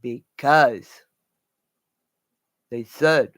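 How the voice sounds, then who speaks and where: Woman streamer, unhurried rambling storyteller, gravelly edge, close dry mic; swears freely and drifts into imitations. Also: sits low, lively intonation, no echo. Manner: rambling, profane, slips into mimicking voices. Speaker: live-stream host.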